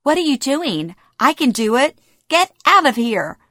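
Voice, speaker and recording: A woman's voice: mid-range voice, huge pitch swings, takes it slowly, fairly bright tone, dry recording, studio quality, voice pushed up, full character voice. A woman voicing her frail elderly mother with dementia, plaintive and bewildered, in a memoir reading. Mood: angry.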